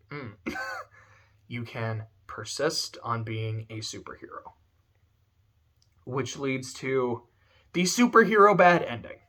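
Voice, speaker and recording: A man's voice: mid-range voice, pushed and bright. A man close to tears, talking in an emotional, rambling way and swearing a lot. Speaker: video essayist. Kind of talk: emotional casual talk.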